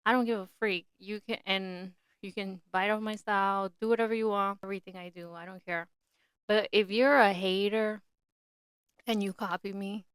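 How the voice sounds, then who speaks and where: A woman's voice: mid-range voice, fairly even intonation, normal speed, a bit bright, slight background noise. A young woman hosting a podcast, talking in a blunt, opinionated and chatty way. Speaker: podcast host. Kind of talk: casual solo podcast talk.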